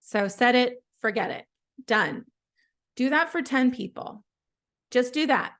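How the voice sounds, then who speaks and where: A woman founder giving a casual, chatty software walkthrough, encouraging her listeners while often trailing off and restarting her sentences. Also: fairly high pitch, animated, measured pace. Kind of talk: casual live software tutorial.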